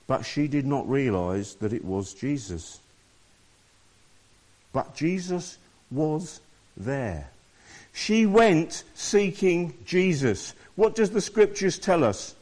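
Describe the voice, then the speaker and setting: A man's voice: a little high, darkish tone. A man preaching a sermon, reading scripture aloud and explaining it to his listeners.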